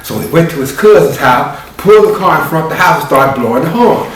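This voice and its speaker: A man telling a story live, animated and rhythmic with spoken sound effects. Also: on the high side, fast, a little hiss or hum. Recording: very echoey room, distant mic.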